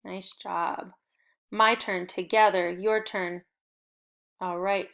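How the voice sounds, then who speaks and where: A young adult woman teacher leading a recorded phonics lesson for children, with upbeat, encouraging, clearly paced prompts. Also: mid-range voice, fairly even intonation, slow, pauses often, a bit bright.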